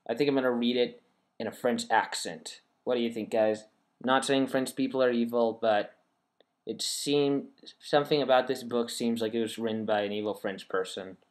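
A man hosting a gaming video, thinking aloud in a rambling, chatty way and talking to his viewers. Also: on the low side. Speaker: gaming channel host. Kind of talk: casual game commentary.

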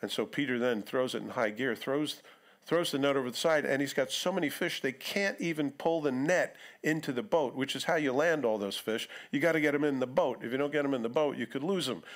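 A man's voice: medium pitch, fairly quick. A middle-aged male pastor giving a sermon in church, talking in a conversational way and acting out quotes in other voices.

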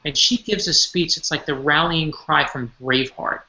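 An author joins as a guest over a remote call from his home office, earnestly telling personal stories with stumbling restarts. His voice is a little high, bright and forceful, moving at a moderate pace with hardly any pauses. The remote audio is echoey and lo-fi.

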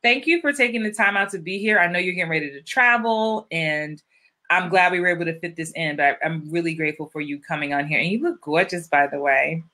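Bright, upbeat woman hosting a livestream. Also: lowish voice, fast talker. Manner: upbeat, chatty, greets viewers by name. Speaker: host, acting coach. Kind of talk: live-streamed interview.

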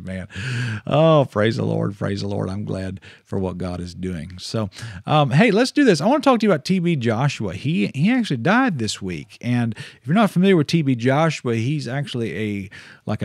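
A man's voice: mid-range voice, no room sound, clean studio sound. Chatty man hosting a missionary livestream. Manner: chatty and folksy, breaks into praise and laughter. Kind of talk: casual livestream talk.

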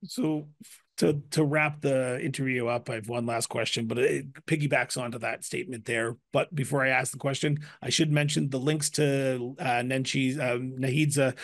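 A man hosting a podcast interview, speaking conversationally with a slightly halting delivery. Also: mid-range voice, fairly even intonation, no room sound, studio quality. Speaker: podcast host.

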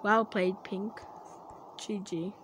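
A woman talks her way through an online game in loose, casual commentary, drawing out her words at an easy pace. She breaks into laughs and shouts whenever something happens. There's a steady hiss of noise under the recording. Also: medium pitch, slow pace. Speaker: gaming channel creator.

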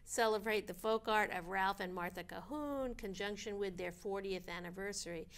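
A woman co-hosting a local events show, reading listings in a brisk, chatty way with friendly asides. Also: medium pitch, steady tone. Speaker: chamber of commerce co-host reading event listings. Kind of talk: casual local events chat.

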